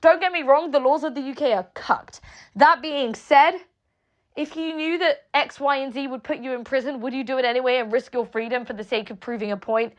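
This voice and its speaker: Woman, high voice, casual sweary online rant, mocks people she quotes. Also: brisk, highs cut off. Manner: swearing, rambling, laughing mid-rant; quotes others in mocking voices. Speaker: online commentator.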